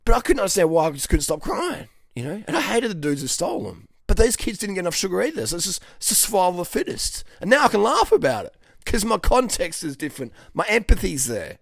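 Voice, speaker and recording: A man's voice: high-pitched, sing-song, fast talker, gravelly, no echo, studio quality. A middle-aged man from Western Australia, a coach talking bluntly and profanely, often asking "okay?". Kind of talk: casual monologue to camera.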